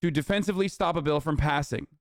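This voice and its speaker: Speaking fast in a slightly high voice, the same kind of angry streamer in his thirties curses and sneers through a political rant while reading chat aloud. The audio is clean studio sound without echo.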